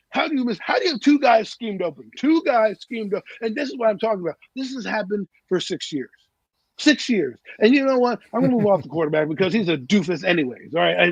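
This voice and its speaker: A man's voice: high-pitched, vocal fry, slightly rough, no echo, lo-fi sound. A man co-hosting a sports podcast, ranting in a heated, profane, exasperated way.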